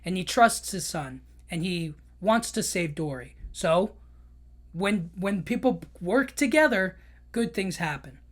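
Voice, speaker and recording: This podcast host is a man whose voice sits high, sounding animated, a touch bright, and a little slow. He recaps a film casually, telling it with emotion and peppering it with "you know."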